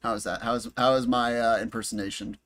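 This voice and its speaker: Talking fast through a headset, a game streamer with a medium-pitched, fairly bright voice and fairly even intonation jokes around with his viewers and mutters to himself. He's at home, in a brightly lit room with air conditioning running.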